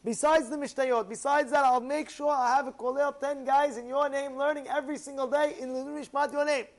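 A man's voice: extremely high pitch, steady tone, brisk, voice pushed up. A man voicing a middle son who earnestly builds up a bigger offer than his brother's.

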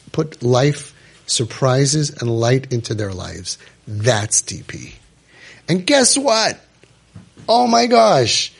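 A man leading a parent support group, speaking to a live audience in a room in a lively way with lots of fillers and acted-out quotes. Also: fairly high pitch. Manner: animated, acts out quoted voices, many fillers.

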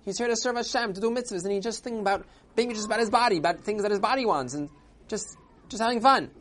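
A woman telling a religious parable and then explaining its lesson, in a halting, repetitive way with rising enthusiasm. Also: medium pitch.

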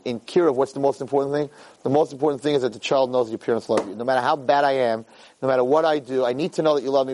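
A man in his fifties giving an animated Jewish ethics talk as a rabbi lecturer, repeating phrases for emphasis and dropping Hebrew and Yiddish terms. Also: low-quality recording. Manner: animated, swings from low asides to high shouted quotes.

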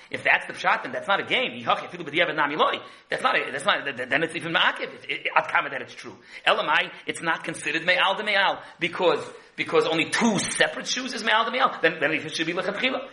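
Fast, bright-voiced Talmud teacher. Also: male voice, fairly high pitch, rough recording. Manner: quick, lively chanting between Hebrew-Aramaic quotes and English. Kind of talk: Talmud lecture.

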